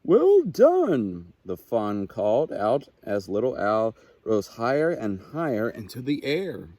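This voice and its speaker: A man, a naturalist, reading a children's picture book aloud with expressive, unhurried storytelling. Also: fairly low pitch, no room sound.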